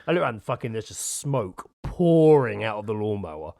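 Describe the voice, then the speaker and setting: A man co-hosting a podcast, telling animated stories in casual chat and swearing a lot. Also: fairly low pitch, a little fast, vocal fry, dry recording, studio quality. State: sore from gardening. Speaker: podcast co-host.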